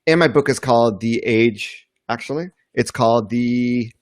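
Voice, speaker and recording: A middle-aged man, a marketing author, speaking as a guest in a casual video-call interview, confident and relaxed. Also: mid-range voice, normal speed, no echo, studio quality. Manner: confident, relaxed, uses "you know". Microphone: video call setup.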